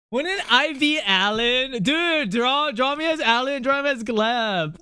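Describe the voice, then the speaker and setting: A young man streaming while he draws, chatting casually and excitably, laughing often and swearing now and then. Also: very high voice, clean tone, no echo, clean studio sound. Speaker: art streamer. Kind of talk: casual live-stream chat.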